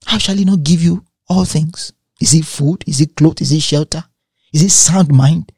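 A man's voice: a little high, normal speed, a little mellow, husky, dry recording, clean studio sound. A man preaching a sermon, quoting scripture and repeating phrases for emphasis.

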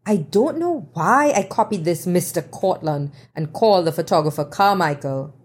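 A woman narrating a first-person novel in a measured, wry way. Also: lowish voice, expressive, a little mellow, slightly rough. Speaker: audiobook narrator.

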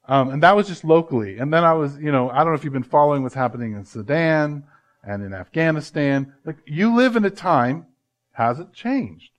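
A man, a pastor, preaching a sermon with emphatic swings from loud to hushed and slowing down to stress words. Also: on the high side, animated.

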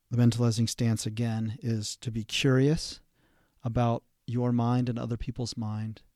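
A man, a therapist hosting a podcast, giving an instructional talk in a measured, halting way with fillers and restarts. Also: mid-range voice, dark tone, no room sound, clean studio sound.

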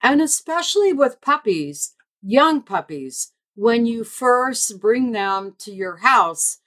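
A woman guest on a podcast, explaining dog behavior in a measured, deliberate way as an expert. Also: a little high, lively intonation, a bit bright. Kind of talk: explanatory interview answers.

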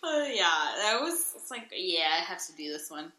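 A woman co-hosting a podcast in casual chat, earnest and quick to laugh. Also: lowish voice, big pitch swings, sharp tone, reverberant. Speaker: podcast co-host.

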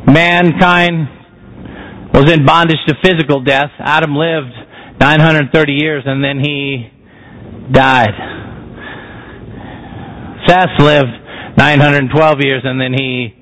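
A man's voice: fairly high pitch, a bit bright. A man preaching a sermon, emphatic and posing rhetorical questions to the congregation. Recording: muffled lo-fi sound.

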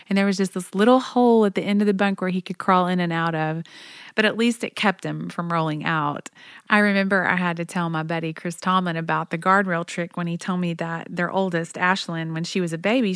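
A woman in her forties with a lowish, smooth, resonant voice, chatty and anecdotal, laughing now and then as she tells stories. The sound is close and dry. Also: dry recording. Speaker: storyteller, mother on tour. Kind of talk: personal storytelling monologue.

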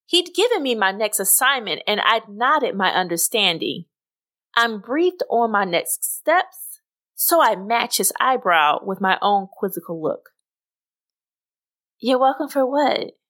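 A woman podcast host reading her own story aloud, with an expressive, animated delivery. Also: medium pitch, a little slow. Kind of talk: scripted story narration.

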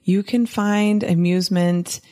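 A woman giving an animated, casual monologue to fellow doctors, often tagging her points with "right?" and laughing. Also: lowish voice, measured pace. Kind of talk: casual podcast-style monologue.

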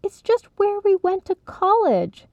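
A woman's voice: fairly high pitch, sing-song, a little slow, gravelly, mellow, no room sound, pitched above the performer's own voice, exaggerated voice. A woman voicing a chatty young woman who hesitates and apologizes, in a storybook reading. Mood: sheepish. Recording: slightly dull, dry recording.

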